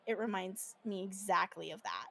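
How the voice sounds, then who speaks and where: A woman's voice: mid-range voice, normal speed, vocal fry, pushed and bright. A woman writer chatting on a live stream, bubbly, laughing often and full of fillers. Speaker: fan fiction writer, guest. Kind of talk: casual live-stream chat.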